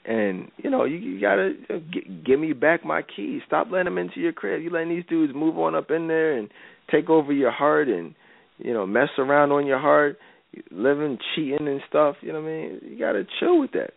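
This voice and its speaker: A man's voice: on the high side, normal speed, vocal fry, no echo. Slangy male radio host lecturing. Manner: casual slangy preaching, repeats "you know what I'm saying". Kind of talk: faith-based advice talk radio. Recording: dry, tinny phone-like radio audio.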